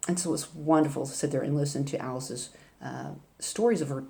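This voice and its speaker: A woman's voice: deep voice, fairly quick, gravelly, dark tone. An older woman vlogging, telling a rambling, chatty story in a casual way. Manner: rambling, chatty, with laughs and asides.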